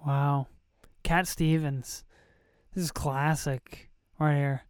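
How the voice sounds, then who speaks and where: A podcast host reacting emotionally while watching a movie for a commentary episode, excitable and dropping to whispers at moving moments. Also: medium pitch, a little slow, no echo, studio quality.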